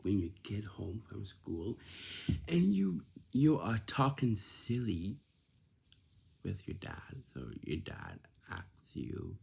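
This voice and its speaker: A man's voice: lowish voice, very animated, takes it slowly, vocal fry, a little mellow, breathy edge. A man giving a repetitive, lecturing instructional talk, often checking in with "right?".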